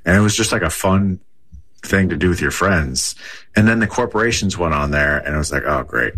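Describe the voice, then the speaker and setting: A man, a comedian, talking casually in an interview in a relaxed, amused way. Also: sits low, fairly quick.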